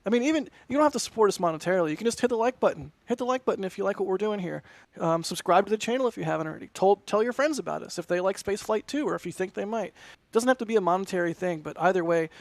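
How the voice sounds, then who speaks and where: A man's voice: sits high, animated, rapid-fire, gravelly, no echo. A man co-hosting a launch livestream, chatting casually in an effusive, rambling way that keeps interrupting itself. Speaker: livestream co-host. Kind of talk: casual launch-stream commentary.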